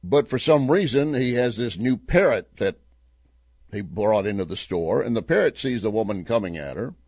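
A man's voice: lowish voice, moderate pace, dry recording. A middle-aged man hosting a talk radio show, commenting on news and telling a joke with chuckling asides. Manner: animated storyteller, chuckling asides.

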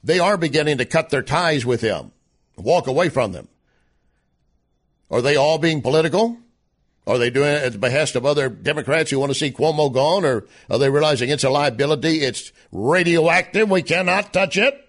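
A man's voice: a little high, lively intonation, normal speed. A man hosting a political talk show, delivering a sarcastic monologue full of rhetorical questions. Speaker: radio talk show host.

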